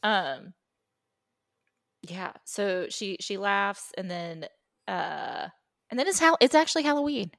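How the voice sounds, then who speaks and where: A woman co-hosting a podcast in casual, animated chat, giggling often. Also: mid-range voice, creaky, dry recording, clean studio sound. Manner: animated, giggly, quick asides. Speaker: podcast co-host.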